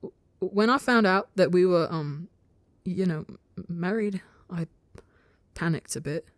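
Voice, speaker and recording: A woman's voice: fairly low pitch, unhurried, no room sound, clean studio sound, natural voice. A woman voicing a shy, stammering young male insect-like creature who talks hesitantly and flustered.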